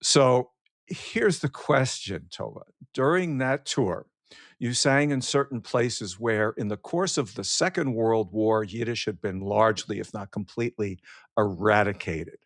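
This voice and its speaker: A man's voice: lowish voice, no echo. Man hosting, dry close sound. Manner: measured questions, brief surprised reactions. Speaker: podcast host, interviewer. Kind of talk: interview questions.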